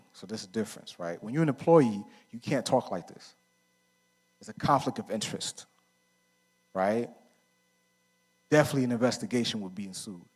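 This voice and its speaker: Animated man speaking at a men's conference. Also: medium pitch, breathy edge. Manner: storytelling, asks the audience questions and answers them; casual, uses slang and fillers like "right?".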